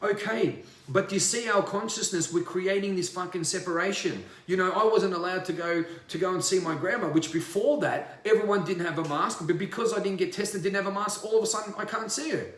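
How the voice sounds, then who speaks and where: High-voiced man ranting, roomy echo. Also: fairly quick, fairly bright tone. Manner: emphatic, profane, repetitive. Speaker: spiritual coach. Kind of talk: ranting livestream monologue.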